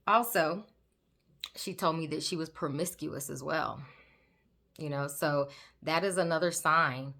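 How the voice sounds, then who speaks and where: Chatty, gravelly-voiced woman host. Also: low voice, unhurried, pauses often. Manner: chatty, animated, addresses viewers directly. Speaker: host, psychiatric nurse practitioner. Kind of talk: casual educational chat while doing makeup. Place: home, doing makeup on camera.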